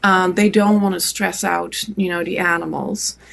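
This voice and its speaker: Gravelly French-accented woman telling a story. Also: lowish voice, normal speed. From France. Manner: animated storyteller, many fillers and restarts. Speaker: photographer guest. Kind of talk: storytelling interview.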